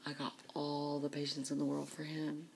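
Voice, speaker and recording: A woman's voice: low-pitched, completely flat delivery, moderate pace, creaky, heavy background noise. A woman ranting in a casual vlog, exasperated and complaining, often dropping to a whisper. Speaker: vlogger.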